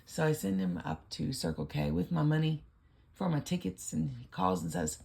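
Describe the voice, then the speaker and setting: Older woman, vlog host, low gravelly voice, husky, chatty rambling storyteller. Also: steady tone, moderate pace, a little mellow. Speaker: lottery ticket vlogger. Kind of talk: casual chatty vlog narration.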